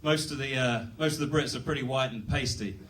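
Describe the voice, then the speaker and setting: A man's voice: medium pitch, a little fast, a bit bright, recorded from a distance. A young British man doing a rambling, self-deprecating stand-up set at a comedy club. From Britain.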